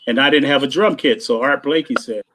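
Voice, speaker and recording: A man telling lively stories in casual chat, imitating drum sounds and voices and laughing often. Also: mid-range voice, brisk, slight background noise. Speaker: guest drummer telling stories.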